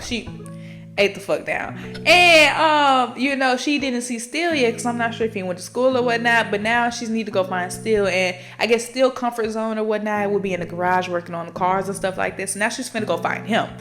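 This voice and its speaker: A woman's voice: on the high side, normal speed, a bit bright, faint music behind. A woman hosting a book podcast, recapping a story in a casual, slangy, profane way and talking straight to her listeners. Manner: chatty, slangy and profane, addresses listeners directly.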